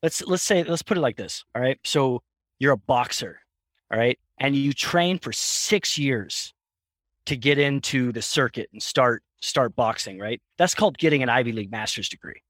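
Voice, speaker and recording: A man being interviewed as a company founder, telling stories in a lively way and acting out voices in his anecdotes. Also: medium pitch, moderate pace, no echo. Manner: animated storyteller, acts out voices in anecdotes, laughs often. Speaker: founder and guest. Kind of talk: conversational interview storytelling.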